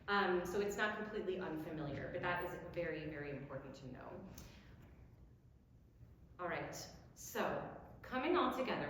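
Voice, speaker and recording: A woman giving a diction lecture, slowly demonstrating sounds and having the audience repeat them. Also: medium pitch, slight background noise. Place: lecture hall. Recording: very echoey hall, long reverb.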